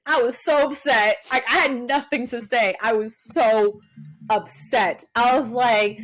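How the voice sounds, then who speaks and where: A young woman co-hosting a podcast in casual chat, animated and swearing freely as she acts out her reactions. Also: on the high side, measured pace. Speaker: podcast co-host.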